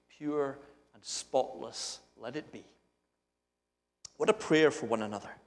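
A man with a Scottish accent preaching a sermon in a lively, joking way that builds to emphatic points. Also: a little high. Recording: echoey hall with long reverb.

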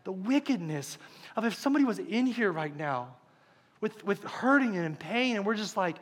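Pastor guy preaching to his church, kinda high voice, repeats himself for emphasis, goes soft then loud. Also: animated, moderate pace. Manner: emphatic, repeats key phrases, shifts between hushed and loud. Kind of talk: sermon. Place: church service.

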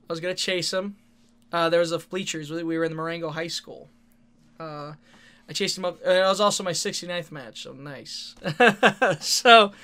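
Guy rambling thru wrestling stories, bright clear voice, cusses a lot, keeps laughing. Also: high-pitched. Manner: rambling, laughs often, swears casually. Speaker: independent wrestler. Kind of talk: casual storytelling monologue.

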